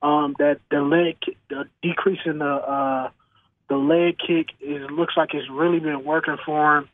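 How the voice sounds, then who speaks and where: A man calling in to a sports radio show, talking haltingly with many pauses and restarts. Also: a little high, steady tone, no room sound. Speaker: caller. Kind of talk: call-in sports talk. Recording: muffled phone line.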